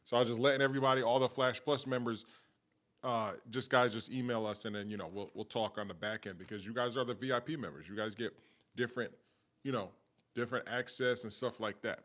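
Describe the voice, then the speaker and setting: A man's voice: medium pitch, fairly even intonation, fast talker, a bit bright. Playful man co-hosting a livestream. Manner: playful, talks to viewers directly. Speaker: business co-host on a livestream. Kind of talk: casual livestream chat.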